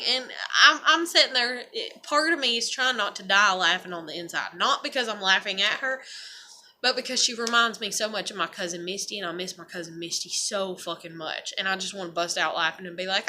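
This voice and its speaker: A woman's voice: mid-range voice, bright, forceful tone. A middle-aged woman talking to camera in a loose, rambling personal monologue, earnest and self-reflective, full of fillers and swearing. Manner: rambling, heavy with fillers and profanity. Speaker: vlogger.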